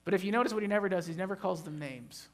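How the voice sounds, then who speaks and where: A man delivers a church sermon as pastor, racing along in a high voice. He presses his points hard, swells into loud animated bursts and jokes with the congregation.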